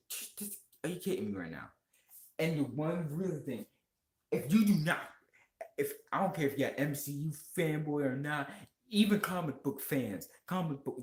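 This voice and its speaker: A vlogger giving a heated, profane movie rant and talking straight to viewers, voice jumping higher when worked up. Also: darkish tone, reverberant. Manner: heated, swearing, pitch jumps up when worked up; talks to viewers and chat directly. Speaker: video blogger.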